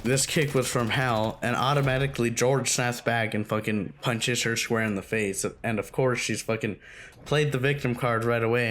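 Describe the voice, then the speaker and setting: A young man recounts a school story in a loose, rambling way. His talk is casual and full of fillers and swearing, and his voice sits at an ordinary mid pitch for a man. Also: a bit bright. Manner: rambling, profane, filler-heavy. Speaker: storytime vlogger.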